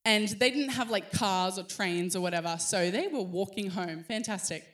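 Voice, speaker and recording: A woman in her thirties preaching a sermon, telling a story with animated acted-out voices. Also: mid-range voice, normal speed. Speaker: pastor.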